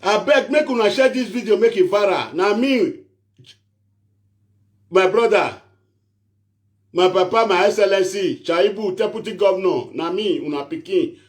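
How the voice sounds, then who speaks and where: A man's voice: sits high, normal speed, long pauses. A man speaking Nigerian Pidgin-accented English, ranting to his online followers as a self-styled prophet, repetitive and pleading. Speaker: social media prophet and show host. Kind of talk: animated rant to camera.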